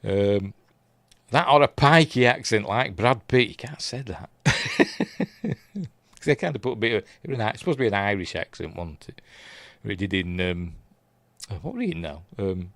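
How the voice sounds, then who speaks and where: A man's voice: on the low side, expressive, moderate pace, vocal fry, pauses often, a bit bright, no echo. A man with a Yorkshire accent chatting casually on a live stream, rambling through episode recaps with plenty of fillers and asides.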